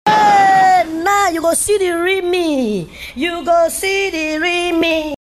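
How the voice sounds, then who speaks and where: A man voicing his own defiant madman side, shouting a slow menacing taunt. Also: very high-pitched, a little hiss or hum, voice pushed up.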